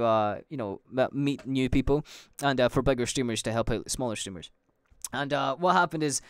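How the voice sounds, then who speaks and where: Scottish man rambling on a dry podcast mic. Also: no room sound. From Scotland. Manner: chatty and swearing, trailing off into fillers; jumps to high mock voices when quoting people. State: drinking gin while talking. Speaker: podcast host and livestreamer.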